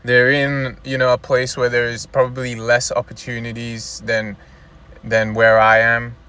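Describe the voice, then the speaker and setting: A man's voice: medium pitch, completely flat delivery, unhurried, pushed and bright, smooth. A man vlogging from inside a car, ranting in a loose, profane, rambling way, full of "you know" and "like". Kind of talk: casual ranting monologue.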